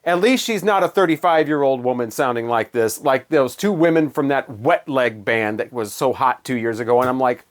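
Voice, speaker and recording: A man's voice: mid-range voice, moderate pace, hardly any pauses. A man giving a casual spoken album review in a sarcastic, dismissive, rambling way.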